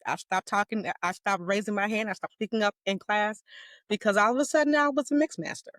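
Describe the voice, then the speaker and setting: A woman in her forties who stutters, telling her story as a guest in an interview with warm laughter and emphasis. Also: medium pitch, fairly quick, no room sound. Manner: stutters with repeated sounds and words. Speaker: guest, educator.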